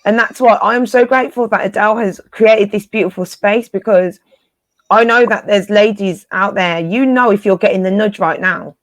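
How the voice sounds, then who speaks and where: A woman's voice: mid-range voice, normal speed, no room sound. A woman co-hosting a casual spiritual live chat, encouraging her listeners and often repeating phrases for emphasis in informal, slangy speech.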